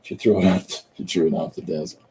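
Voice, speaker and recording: A man's voice: low-pitched, fairly even intonation, a little fast, mellow, slightly rough, poor audio. A man streaming a comic drawing tutorial, rambling casually and chatting with viewers and a pet as he draws.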